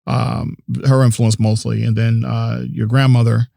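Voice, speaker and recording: A man's voice: mid-range voice, flat delivery, measured pace, gravelly, warm tone, no echo, studio quality. A man hosting a podcast, interviewing a guest with encouraging, frequent backchannels. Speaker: podcast host.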